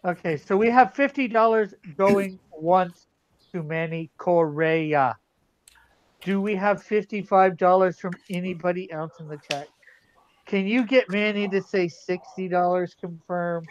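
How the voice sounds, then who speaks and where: A man's voice: sits high, unhurried, dry recording. A man hosting a livestream art auction, calling for bids with a jokey, laughing manner. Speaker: auction host. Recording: dull lo-fi mic with faint noise.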